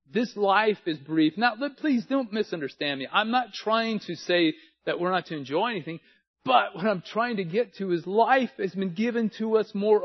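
A man's voice: sits high, expressive, normal speed, highs cut off. A man in his sixties, a pastor, preaching a sermon in earnest, plain, folksy words. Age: 60s.

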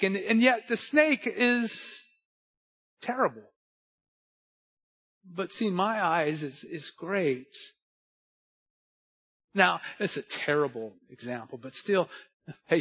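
A man preaching a sermon with an emphatic, repetitive cadence that builds to shouting. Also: high voice, lively intonation, slow pace, long pauses. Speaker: pastor. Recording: dull lo-fi sound.

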